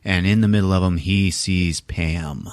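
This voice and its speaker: A man hosting a podcast, recapping a movie casually with animated retellings, acting out the characters' lines, laughing and swearing often. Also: deep voice, unhurried, dry recording, clean studio sound. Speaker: podcast host.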